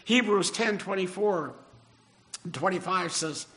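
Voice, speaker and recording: An older male pastor delivers an earnest sermon in a notably high-pitched voice. He pushes his voice up for emphasis and slows down to land the key phrases. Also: a bit bright.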